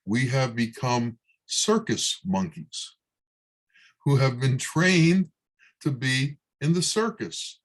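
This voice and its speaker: A man, a Sufi teacher, giving a spiritual talk in a slow, measured storytelling manner. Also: medium pitch, expressive.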